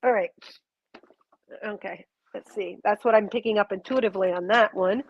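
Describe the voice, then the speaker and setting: A woman's voice: medium pitch, normal speed, vocal fry, lo-fi sound, slight background noise. A woman giving a live intuitive reading to a viewer, earnest and gushing, rambling through restarts. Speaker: intuitive reader.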